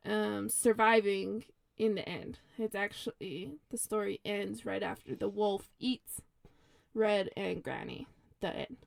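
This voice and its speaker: A woman's voice: mid-range voice, gravelly, smooth, dry recording. A young woman co-hosting a podcast, telling a fairy tale in a chatty, giggly way with lots of ums. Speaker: podcast co-host. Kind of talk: casual storytelling chat.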